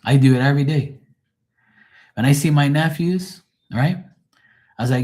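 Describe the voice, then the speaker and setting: A man from Bermuda, chatting casually on a livestream as a tarot reader, telling lively stories and swearing freely. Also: medium pitch, moderate pace. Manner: animated storyteller who swears freely and acts out other voices.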